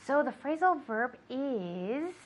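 A woman's voice: sits high, very animated, slow pace. Patient woman teaching English. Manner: patient, encouraging, says "okay" often. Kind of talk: bilingual language lesson.

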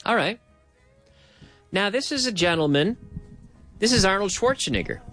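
A man hosting a casual English lesson, explaining slowly, repeating phrases and adding Spanish translations. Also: sits high, lively intonation, a bit bright, dry recording, soft background music. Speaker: English teacher host.

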